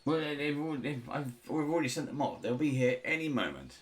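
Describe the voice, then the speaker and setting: A man's voice: mid-range voice, animated, fast, a little hiss or hum, voice pushed up, lightly acted. A man doing a stammering, flustered sanatorium doctor. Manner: stammering, defensive, fussy. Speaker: game master.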